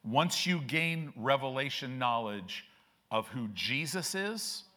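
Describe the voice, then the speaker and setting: Animated preacher acting out stories. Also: male voice, mid-range voice, slow. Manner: animated, acts out quoted characters with shifting voice; conversational, slangy storytelling. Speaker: pastor. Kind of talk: sermon. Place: church sanctuary.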